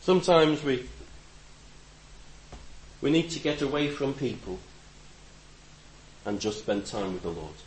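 A man preaching a conversational sermon, reflective with gentle humor and a voice that rises and drops for emphasis. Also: mid-range voice, sing-song, measured pace, pauses often, reverberant, a little hiss or hum, poor audio.

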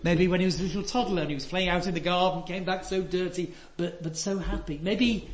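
An older man preaching a sermon, earnest and emphatic, dropping to soft asides. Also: high-pitched, fairly even intonation, fairly quick. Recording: echoey hall.

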